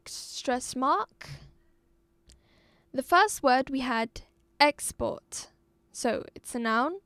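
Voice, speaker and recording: A woman from Algeria teaching an English exam-review lesson, repeating words and spelling them out slowly for her pupils. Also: high-pitched, dry recording.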